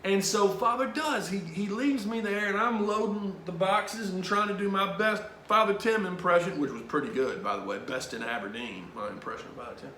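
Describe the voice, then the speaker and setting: Male Bible study leader, storytelling, emphatic, bright forceful voice. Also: high-pitched, moderate pace, few pauses, reverberant, a little hiss or hum. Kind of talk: personal storytelling.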